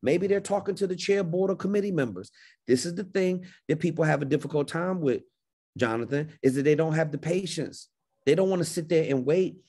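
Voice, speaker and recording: A man's voice: a little high, a little fast, dark tone. Man, business coach, livestream Q&A, confident, emphatic, repeats himself.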